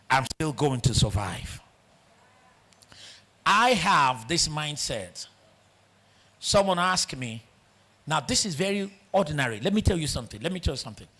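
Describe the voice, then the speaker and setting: A man with a Nigerian accent giving a motivational talk in a large auditorium, telling a story in an animated way that swings between loud and hushed. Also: fairly high pitch. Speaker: guest speaker.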